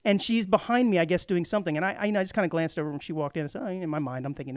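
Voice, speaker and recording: A man co-hosting a community radio talk show, telling a rambling, animated anecdote full of fillers. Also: high-pitched, racing, hardly any pauses, no room sound, studio quality. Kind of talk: casual chat, storytelling.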